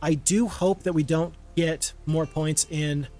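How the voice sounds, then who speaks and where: A man's voice: fairly high pitch, fairly even intonation, a little slow, dark tone, faint music behind. A man giving casual gameplay commentary as a channel host, thinking aloud, counting under his breath and criticizing his own moves.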